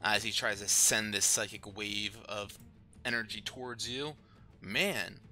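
A man with a bright, forceful voice runs a tabletop game, narrating loosely, laughing and swearing as he goes. His voice sits a little low, with faint music behind it. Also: steady tone, unhurried. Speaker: dungeon master.

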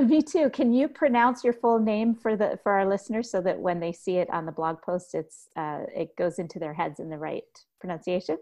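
A woman hosting a podcast interview over a video call, chatty and quick to laugh. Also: medium pitch, darkish tone. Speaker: podcast host. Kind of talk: casual interview chat.

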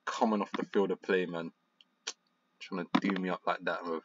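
A young man commentating on a football management game, frustrated and excitable, muttering one moment and shouting the next. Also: low-pitched, moderate pace, lo-fi sound, noisy background. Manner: frustrated, excitable, swings between muttering and outbursts. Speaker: gaming YouTuber.

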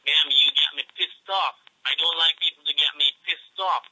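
A man with a Jamaican accent rants and threatens down the phone, swearing at nearly every turn. His voice sits a little high and rings very bright and sharp. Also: fairly even intonation, normal speed, slightly rough, rough recording. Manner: profane, threatening, ranting. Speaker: phone scammer. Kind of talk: angry phone call.

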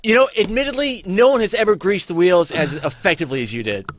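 A man's voice: high voice, expressive, fast talker. A man co-hosting a radio talk show, sheepishly defending himself against teasing. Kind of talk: crude comedic radio banter.

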